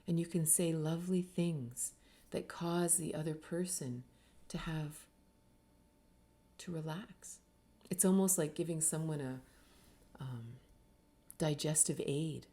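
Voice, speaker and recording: A middle-aged woman from Canada talks earnestly about connection, with a mellow, low-pitched voice. She speaks reflectively and briefly acts out the people in her stories. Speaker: author and speaker. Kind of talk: reflective spoken talk.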